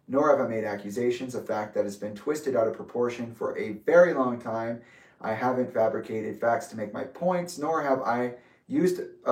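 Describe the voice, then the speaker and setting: Man, mid-pitched, reads out his own letter slowly and deliberately; distant mic in a reverberant room. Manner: measured, deliberate and methodical. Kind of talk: reading his own letter aloud with asides. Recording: roomy echo, distant from mic.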